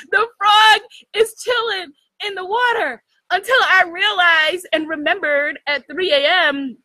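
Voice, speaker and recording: A woman from New hosting a spiritual livestream, telling a story in an animated way, laughing often and talking straight to her viewers. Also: extremely high pitch, a little slow, no echo, low-quality recording. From United States. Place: outdoors in the jungle.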